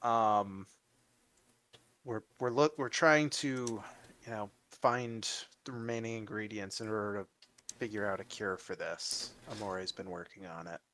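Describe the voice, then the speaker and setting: A man's voice: on the low side, unhurried, fairly bright tone, slight background noise. A man playing in a tabletop role-playing game, talking politely and hesitantly in character, with restarts. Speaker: player.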